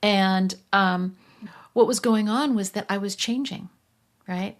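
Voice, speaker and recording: A middle-aged woman, a podcast guest, telling a candid personal story in an animated way. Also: slow pace. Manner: animated, acts out quoted voices with big pitch jumps.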